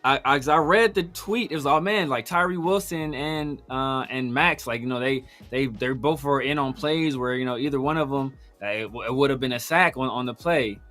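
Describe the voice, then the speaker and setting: A man chatting on a sports podcast in a bright, forceful voice. He is animated and talkative, and acts out his own reactions as he tells them. Faint music runs behind him. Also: mid-range voice, moderate pace, hardly any pauses. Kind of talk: casual sports podcast chat.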